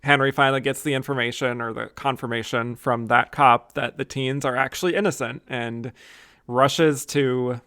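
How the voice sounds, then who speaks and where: A man's voice: mid-range voice, fairly even intonation, moderate pace, pushed and bright, clean tone, no room sound. A man hosts a casual podcast talk about a film, laughing often and acting out the lines he quotes. His voice sits in a middle range and sounds dry and close, with no room around it. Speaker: podcast host.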